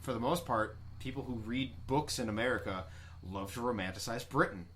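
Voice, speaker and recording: A man's voice: medium pitch, brisk, fairly bright tone, slight background noise. A man co-hosting a podcast in casual chat, musing in an earnest, opinionated way. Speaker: podcast co-host.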